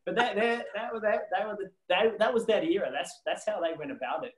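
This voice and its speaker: Australian ex-athlete guest, lively anecdotes, restarts, roomy echo on a video call. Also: male voice, sits high, brisk. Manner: animated anecdotes with many restarts and laughs. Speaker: former tennis player, guest. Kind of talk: casual storytelling on a video call.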